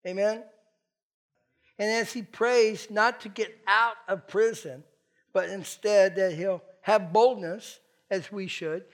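A man preaching a sermon as pastor, talking conversationally and swinging from soft asides to loud, emphatic lines. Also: high voice.

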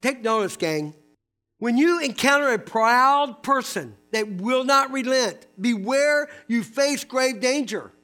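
A male pastor preaching a sermon to a live congregation, animated and emphatic, with casual asides to his listeners. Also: very high-pitched, slow, faint music behind.

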